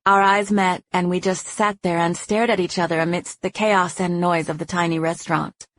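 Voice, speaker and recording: A woman reading a first-person romance audiobook, narrating smoothly and giving the heroine's lines a lively, playful voice. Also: on the low side, normal speed, no echo.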